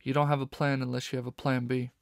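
A man voicing a calm young male raccoon master thief who speaks low-key. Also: fast, creaky, no echo, studio quality, close to an everyday voice.

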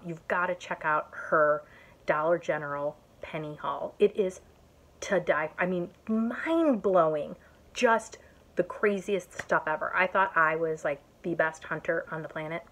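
A woman from Indiana chatting through a craft haul vlog, excitable and self-mocking, tired from an early start. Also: fairly low pitch, unhurried. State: tired, up since early morning. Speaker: YouTube vlogger showing a haul. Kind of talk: casual haul vlog chat.

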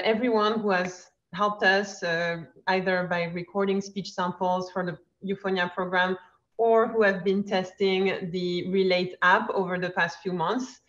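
A woman's voice: medium pitch, fairly even intonation, unhurried. Hesitant woman presenting on a video call. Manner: hesitant, many fillers. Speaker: product manager presenting. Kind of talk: virtual conference update. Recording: dull lo-fi video call audio.

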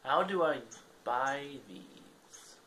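A man's voice: medium pitch, expressive, extremely slow, pushed and bright, slight background noise. A young man giving casual gameplay commentary, rambling and self-deprecating. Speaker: gaming channel host.

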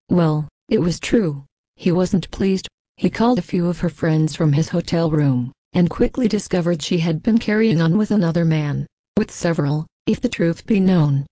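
A woman narrating a first-person spooky story in an even scripted read, speaking even the punctuation marks aloud. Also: fairly low pitch, normal speed, dry recording.

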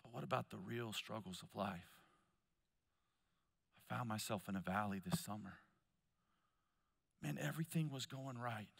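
A man preaching at a conference, telling stories with loud emphatic bursts and quiet low asides. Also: vocal fry, slightly rough. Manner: storytelling, swings between loud emphasis and hushed low asides. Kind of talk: conference sermon. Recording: long hall reverb.

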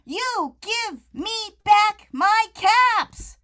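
A woman reading aloud gives voice to a furious cap peddler from a children's storybook. He shouts and scolds in a high, swooping voice that climbs with his temper. Every word is stretched out slow and loud. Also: animated, heavily acted. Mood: scolding. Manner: shouting, scolding, wagging a finger. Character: furious grown man selling caps.

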